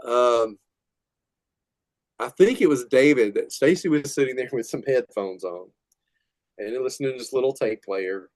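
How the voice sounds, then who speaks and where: A man's voice: medium pitch, normal speed, pauses often, no room sound. An older man, a metal musician guest, telling rambling stories in a casual interview and laughing often. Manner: rambling, laughing, animated retelling.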